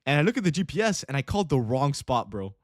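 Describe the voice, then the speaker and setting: A man's voice: medium pitch, big pitch swings, fast talker, dry recording, clean studio sound. A young man hosting a livestream, telling a rambling casual story and saying bro a lot. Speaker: livestream host, day trader.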